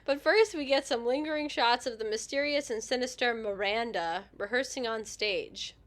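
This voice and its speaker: A woman's voice: a little high, normal speed, fairly bright tone. A woman co-hosting a podcast, reading a comic episode synopsis with dry, self-interrupting asides. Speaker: podcast co-host.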